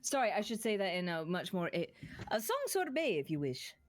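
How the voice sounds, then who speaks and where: A woman playing Ava, a lofty, highbrow adventurer in a tabletop game. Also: very animated, a little fast, slight background noise.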